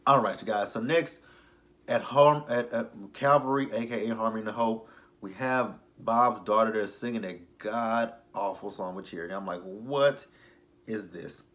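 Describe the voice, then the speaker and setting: A man's voice: fairly low pitch, fairly even intonation, moderate pace, a bit bright. Sassy man recapping a TV episode. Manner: sassy, exasperated asides. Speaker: TV episode reviewer. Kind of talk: casual recap and commentary.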